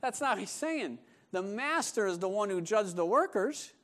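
A man's voice: high voice, expressive, normal speed, fairly bright tone. A male pastor preaching a sermon in a conversational, joking manner.

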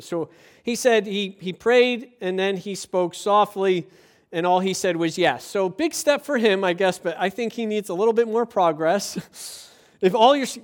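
A man preaching a sermon, lively and conversational, acting out little quoted exchanges and building to emphatic points. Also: sits high, measured pace. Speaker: pastor.

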